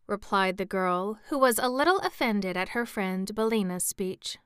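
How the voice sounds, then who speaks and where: Woman, storybook narrator, slow deliberate reading, very smooth resonant voice, dry close sound. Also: mid-range voice, fairly bright tone, no room sound. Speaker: audiobook narrator.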